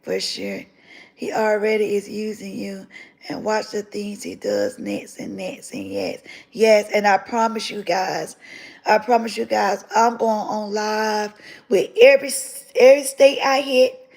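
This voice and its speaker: A woman's voice: medium pitch, fairly even intonation, measured pace, vocal fry, darkish tone, rough recording. A woman on a livestream giving an emotional spoken testimony, fervent and repeating phrases for emphasis. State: tearful at times. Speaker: livestream host sharing her testimony.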